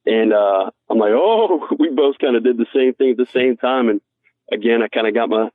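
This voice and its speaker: A man's voice: mid-range voice, steady tone, a little fast, no echo. A man being interviewed as a guest angler, telling stories in an earnest, heartfelt way, often saying "man". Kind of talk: casual storytelling interview. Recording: dry, tinny phone-like line.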